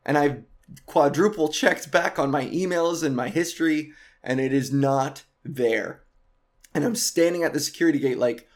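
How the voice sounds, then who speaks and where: A man's voice: a little high, normal speed. A man hosting a podcast, ranting casually and profanely about an exasperating travel story, heavy with swearing. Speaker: podcast host.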